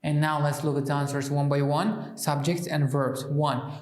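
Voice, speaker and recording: A man's voice: a little high, level tone, moderate pace, darkish tone. A man talks through textbook exercises one by one in a hesitant way. He breaks off and restarts his sentences often. The room gives his voice a roomy echo. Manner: hesitant, many restarts and fillers. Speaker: English teacher. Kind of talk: walkthrough of a textbook lesson.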